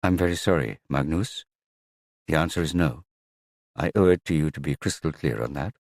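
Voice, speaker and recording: A man's voice: extremely low pitch, moderate pace, dry recording, studio quality. A man voicing a guarded, unyielding mother who speaks in firm, clipped phrases, in an audiobook. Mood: resolute.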